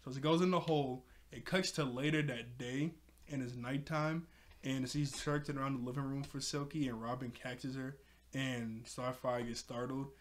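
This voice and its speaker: A man's voice: mid-range voice, steady tone, moderate pace. A man casually recapping a cartoon episode in a rambling, self-correcting, offhand way.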